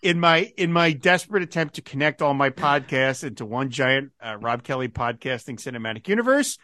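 A man's voice: medium pitch, lively intonation, a little fast, pushed and bright, dry recording, studio quality. A man hosting a podcast in casual chat, laughing often and reading out quotes. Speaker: podcast host.

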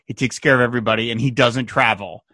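A man's voice: medium pitch, quick pace, dry recording. A man co-hosting a podcast, casually recapping a TV episode and quoting the characters in playful voices. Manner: animated retelling, quotes characters in playful voices. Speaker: podcast co-host.

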